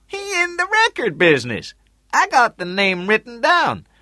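A man's voice: very high-pitched, wildly swooping pitch, normal speed, sharp tone, no room sound, studio quality, voice pushed up, exaggerated voice. A man voicing a streetwise male friend who talks in terse broken English. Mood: matter-of-fact. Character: streetwise male friend, agreeable, small-time fixer.

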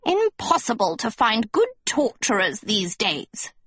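A woman's voice: wildly swooping pitch, measured pace, a bit bright, slightly rough, no room sound, full character voice. A woman voicing a cruel witch teacher who shrieks contemptuous insults at her class. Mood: scornful. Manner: sneering, shrill, contemptuous. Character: cruel shrill female witch teacher, furious.

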